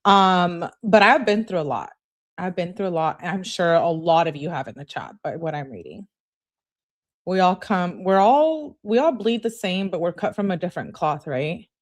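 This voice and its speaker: Woman streamer, chatty and reflective, somewhat low voice, casual livestream talk. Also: animated, moderate pace. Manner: chatty, reflective, many fillers. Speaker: streamer reacting to a video.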